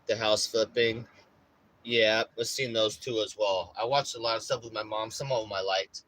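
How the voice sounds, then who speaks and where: A man chatting casually in a vlog from inside his RV, rambling and swearing, getting animated when he acts out stories. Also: fairly low pitch, normal speed, low-quality recording. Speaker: vlogger. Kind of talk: casual chat.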